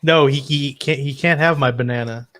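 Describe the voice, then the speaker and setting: A man's voice: medium pitch, moderate pace, fairly bright tone. A man in a casual chat, laughing along and answering in short protests.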